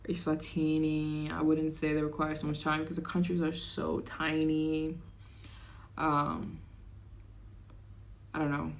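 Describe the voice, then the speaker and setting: A woman chats loosely on her travel livestream, reading out donations and answering viewers. Her voice sits a little on the low side, and she talks in an easy, rambling way. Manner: chatty, reads donations aloud, rambling asides; slips into a put-on accent at times. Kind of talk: casual livestream chat.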